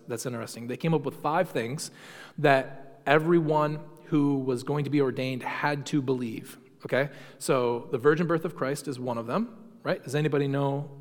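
A man's voice: mid-range voice, big-room sound. A man teaching a Sunday school class in a conversational lecture, often asking the class questions and using many fillers. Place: church classroom.

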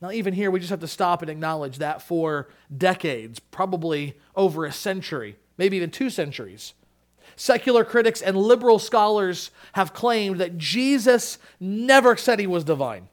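Man, pastor, sermon, high-pitched voice, dramatic loud-to-soft delivery. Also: expressive, normal speed. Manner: dynamic, swinging from loud emphasis to hushed low asides.

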